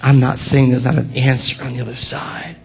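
Gravelly husky pastor preaching. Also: male voice, mid-range voice, level tone, a little fast. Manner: conversational, emphatic preaching, addresses the congregation directly. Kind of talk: sermon. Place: church service. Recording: dull lo-fi sermon recording.

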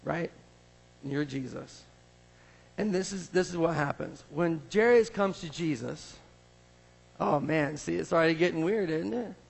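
Husky high-voiced pastor guy preaching, acts out the bible bits. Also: a little slow, pauses often, in a large hall, poor audio. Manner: animated, acts out scripture scenes. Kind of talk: sermon.

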